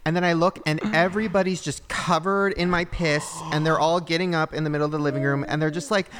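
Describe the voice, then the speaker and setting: A man's voice: sits high, brisk, hardly any pauses, long reverb tail. A man hosting a casual podcast, telling a story with energy and acting out the voices of the people in it, laughing often. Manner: animated storyteller who acts out other voices and laughs often. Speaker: podcast host.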